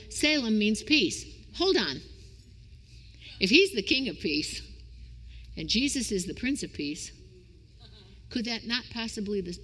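A woman preaching a sermon with emphatic rhetorical questions that climb into high, excited exclamations. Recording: reverberant hall.

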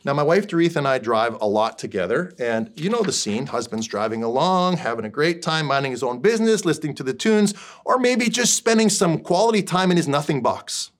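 A man's voice: on the high side, very animated, a little fast. A man preaching a sermon in a conversational way who keeps checking in with his listeners. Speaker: pastor.

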